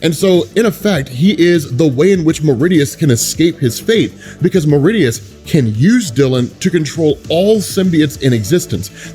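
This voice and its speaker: A man's voice: a little high, warm tone. A man in a casual, conversational style, explaining a comic book story and often adding asides like "right?". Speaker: comic book recap host.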